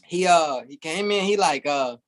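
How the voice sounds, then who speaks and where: A man's voice: a little high, animated, moderate pace. A young man, a guest in an interview, telling a long story casually and animatedly, swearing freely and laughing as he goes.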